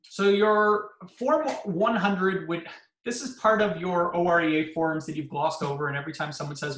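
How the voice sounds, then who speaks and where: Man, fairly high voice, lecture, asks and answers his own questions, echoey room. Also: normal speed, fairly bright tone. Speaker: lawyer teaching real estate agents.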